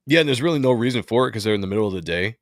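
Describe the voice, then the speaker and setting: A man's voice: fairly low pitch, lively intonation, racing, no echo, clean studio sound. A man hosting a casual comic book podcast, laid-back and joking, laughing often. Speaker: podcast host. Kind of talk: casual chat about comics.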